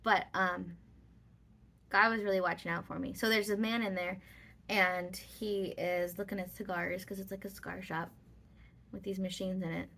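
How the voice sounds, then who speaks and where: A woman's voice: medium pitch, fairly even intonation, normal speed, gravelly, pushed and bright. A woman vlogger telling a personal story in casual, rambling talk with many fillers.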